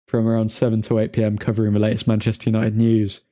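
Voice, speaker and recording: A man's voice: on the low side, flat delivery, fast, few pauses, dark tone. A young man hosting a casual live stream, reading out updates and chatting with viewers, humming to himself while he scrolls. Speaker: livestream host reading transfer news.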